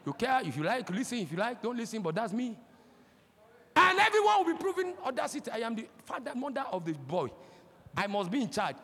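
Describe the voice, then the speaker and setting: Give me a Nigerian pastor in his forties, bright and husky, preaching with fire. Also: extremely high pitch, huge pitch swings, fairly quick. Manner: impassioned, breaks into shouting. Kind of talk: sermon. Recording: long hall reverb.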